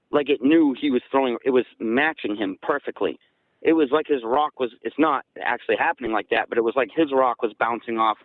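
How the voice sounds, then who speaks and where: A man from southeastern Massachusetts, a guest casually recounting events in an animated way and acting out the dialogue. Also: medium pitch, no echo, low-quality recording. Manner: animated, acts out quoted dialogue. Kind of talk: casual storytelling.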